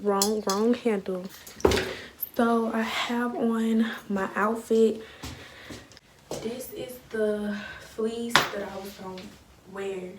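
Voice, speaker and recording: A young woman vlogging casually, chatty and slangy, talking straight to her viewers while she walks around outdoors and drives, filming on a phone at arm's length. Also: on the high side. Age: young adult. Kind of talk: casual vlog to camera. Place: outdoors on city streets and in a car. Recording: noisy street recording with traffic.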